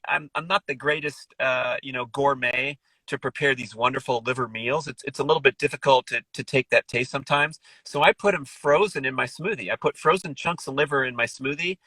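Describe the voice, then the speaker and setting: A man's voice: mid-range voice, fairly quick, few pauses, bright, forceful tone, slightly rough, no echo, low-quality recording. A middle-aged man guesting on a podcast, talking enthusiastically in a rambling, casual way with frequent restarts. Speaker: podcast guest, wellness author.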